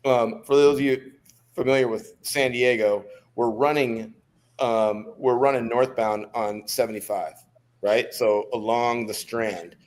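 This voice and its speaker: A man's voice: mid-range voice, a little slow. American man telling old service stories. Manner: relaxed, rambling storyteller with restarts. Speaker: guest, former Navy SEAL. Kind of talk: storytelling in a podcast interview.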